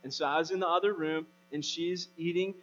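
A man's voice: a little high, steady tone, a little fast, a bit bright. A man in his thirties, a pastor, preaching a sermon in a conversational storytelling way that rises to emphatic preaching. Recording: dull, hum, long reverb.

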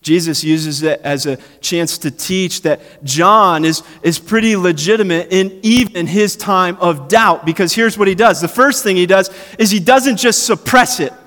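Brief: male pastor, sermon, high voice, conversational and animated delivery. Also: a little slow, few pauses. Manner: conversational preaching, animated, acts out quotes. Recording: long hall reverb.

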